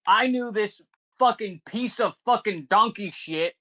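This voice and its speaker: A man's voice: high-pitched, measured pace, noisy background. Profane rambling young man telling stories. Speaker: podcast co-host. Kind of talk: casual chat.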